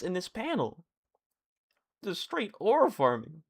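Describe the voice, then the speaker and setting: A young man on a live stream reacting as he reads. He swings from low muttering to loud, surprised outbursts and often repeats phrases. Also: wildly swooping pitch, measured pace.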